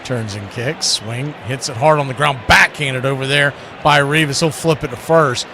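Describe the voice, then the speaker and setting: A man calling baseball play-by-play live as host, chatting opinions between pitches. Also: normal speed, background noise.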